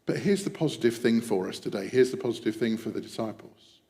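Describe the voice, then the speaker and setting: A man preaching a devotional sermon, reflective, dropping his voice to a hush when voicing quoted prayers. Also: mid-range voice, lively intonation, fast talker, big-room sound. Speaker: pastor.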